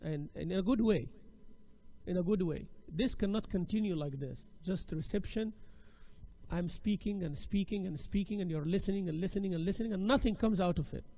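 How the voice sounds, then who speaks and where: A man's voice: high-pitched, brisk, warm tone. A male teacher lecturing a women's class, emphatic and exhorting, often repeating his key phrases. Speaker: Islamic studies teacher.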